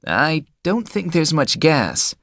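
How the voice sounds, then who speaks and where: A man voicing a reserved, wealthy young man in an audiobook, quiet and guarded. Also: fairly high pitch, sing-song, slow pace, no echo, studio quality, pitched above the performer's own voice, exaggerated voice. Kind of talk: audiobook character voice.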